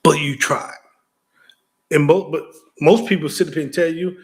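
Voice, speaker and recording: A man delivers a motivational talk as host, addressing the listener directly in a casual, plain-spoken way. His voice sits a little high, and he stumbles and repeats words as his excitement builds. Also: normal speed. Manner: energetic, repeats himself and stammers when excited.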